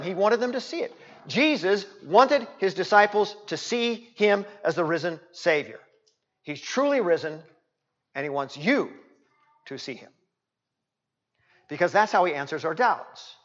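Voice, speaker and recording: A male pastor preaching a sermon in a church, emphatic, repeating key words and swinging from loud to hushed. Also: high voice, lively intonation, moderate pace. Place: church sanctuary. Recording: reverberant, dull lo-fi church recording.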